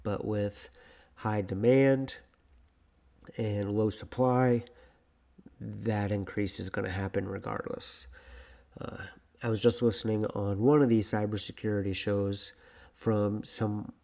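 A man's voice: lowish voice, steady tone, slow pace, gravelly, pauses often, mellow. A young man hosting his own podcast, talking alone in a rambling, self-deprecating way. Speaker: podcast host. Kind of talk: casual solo podcast monologue.

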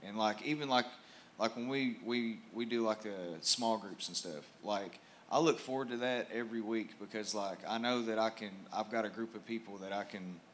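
A man's voice: lowish voice, steady tone, moderate pace, a bit bright, slight background noise. A man giving a casual, rambling testimony on a church stage, full of fillers.

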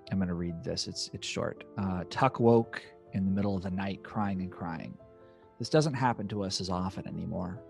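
A man hosting a podcast, reading a blog post aloud in a slow, measured way. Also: low-pitched, gravelly, a little mellow. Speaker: podcast host. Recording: voice set back from the mic, music underneath. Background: music.

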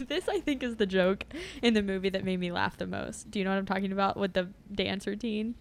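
A woman with a gravelly edge in her voice chats through a movie recap. Her pitch sits in the middle, and she talks in a wry, loose way, breaking into laughs. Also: quick pace, hardly any pauses, no echo. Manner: chatty, wry, laughs often. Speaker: podcast co-host. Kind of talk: casual movie recap chat.

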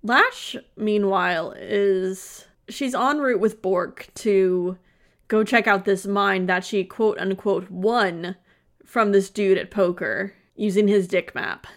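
A woman's voice: mid-range voice, slow. A woman co-hosting a podcast, retelling a movie plot in casual chat with sarcasm and frequent laughter. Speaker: podcast co-host.

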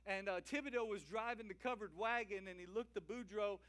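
High-voiced Cajun pastor preaching. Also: male voice, a little fast. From Louisiana. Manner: lively, call-and-response preaching with jokes. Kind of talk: sermon. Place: church.

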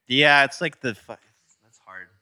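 A man's voice: medium pitch, measured pace, sharp tone, smooth, dry recording, studio quality. A young man chatting crudely and casually as a podcast co-host, rambling with restarts and mumbled asides.

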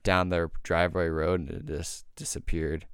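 Deep, smooth-voiced man telling a rambling story. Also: level tone, normal speed, no echo, clean studio sound. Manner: rambling, profane, heavy filler words. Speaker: podcast host. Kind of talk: casual storytelling.

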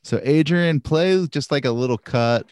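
A man's voice: medium pitch, moderate pace, a little mellow, no echo, studio quality. A man co-hosting a casual podcast, rambling and joking as he talks. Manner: rambling, joking, full of fillers. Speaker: podcast co-host. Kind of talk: casual chat.

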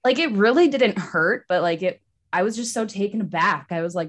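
A young adult woman co-hosting a podcast, chatting casually and telling stories with an animated, laughing manner. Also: medium pitch, a little fast. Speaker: podcast co-host. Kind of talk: casual chat.

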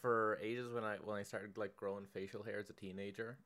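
A young man co-hosting a casual podcast, telling slow, rambling stories full of fillers. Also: fairly low pitch, little pitch movement, fairly bright tone. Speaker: podcast co-host. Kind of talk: casual banter.

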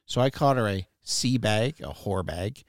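A man's voice: fairly low pitch, moderate pace, no echo, clean studio sound. A man from Atlantic Canada co-hosting a crude casual chat, rambling through stories and swearing freely. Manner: rambling storyteller, swears freely, acts out quotes. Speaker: podcast co-host.

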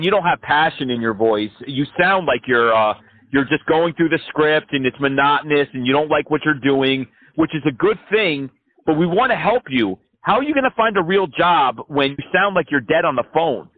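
A man's voice: on the high side, lively intonation, normal speed, dry recording, narrow, tinny audio. A man prank-calling scammers, taunting and cursing them with sarcastic jabs. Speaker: scam-baiting host.

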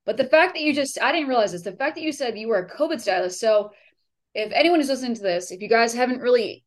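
Woman host on a chatty podcast, kinda high voice, swears a lot, all hyped up. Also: fast. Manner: profane, blunt and excitable. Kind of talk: casual podcast chat.

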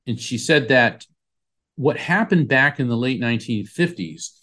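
Man telling a lively anecdote. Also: mid-range voice, a little slow. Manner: animated storyteller acting out quoted voices. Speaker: psychic medium guest. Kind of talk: storytelling in an interview.

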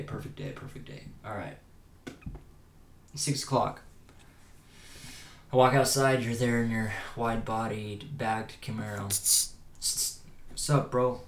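A man's voice: fairly low pitch, gravelly, fairly bright tone. A young man co-hosting a podcast, telling a rambling daydream story in a laughing, casual way. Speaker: podcast co-host. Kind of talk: casual chat. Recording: roomy with faint noise.

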